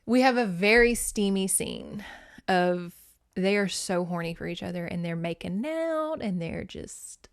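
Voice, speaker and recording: A woman's voice: medium pitch, lively intonation, a little slow, gravelly, smooth. Sarcastic woman recapping a book. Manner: sarcastic, swears freely. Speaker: podcast host.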